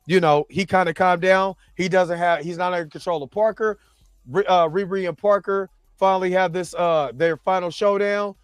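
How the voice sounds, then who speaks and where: A man's voice: sits high, dry recording, clean studio sound. A man hosting a reaction show, recapping episodes in a loose, slangy, rambling way full of restarts and asides.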